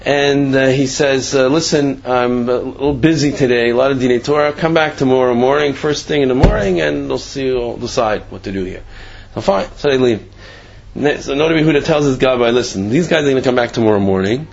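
A man's voice: mid-range voice, a little fast, vocal fry, highs cut off. A man teaching a Torah class in a conversational way, telling a story and acting out its characters. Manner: conversational, acts out voices in the story with laughs.

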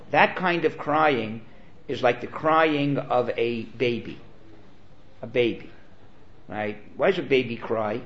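A man's voice: medium pitch, slow pace, pauses often. A man giving an earnest, explanatory Torah lecture as a rabbi, sprinkling in Hebrew terms. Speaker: rabbi teaching. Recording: dull, lo-fi recording.

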